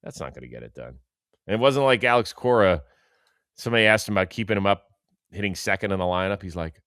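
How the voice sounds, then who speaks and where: Animated sarcastic man talking baseball. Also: low-pitched, fast, dry recording, clean studio sound. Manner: animated, sarcastic, drops into mock quotes. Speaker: co-host. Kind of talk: casual sports talk.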